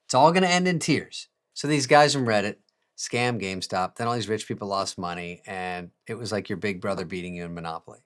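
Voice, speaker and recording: A man's voice: on the low side, fairly quick, fairly bright tone. A man doing a comic monologue in a sarcastic, profane and self-mocking way, chuckling at his own jokes. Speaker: comedian.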